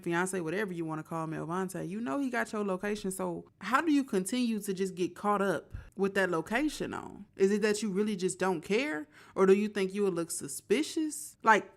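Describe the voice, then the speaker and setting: A woman's voice: mid-range voice, fairly bright tone. Woman host questioning in disbelief. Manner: incredulous, questioning, rambling asides. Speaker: reaction host. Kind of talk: casual commentary.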